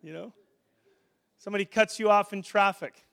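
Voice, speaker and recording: A middle-aged man preaching a sermon in an animated, conversational way, often restarting his sentences. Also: high-pitched, takes it slowly, vocal fry.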